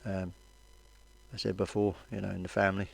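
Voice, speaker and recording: Low-voiced with vocal fry, this middle-aged comedian from Wales speaks a little fast with little pitch movement. His stand-up is crude and full of swearing, punctuated by "you know what I mean" and his own laughter at the punchlines.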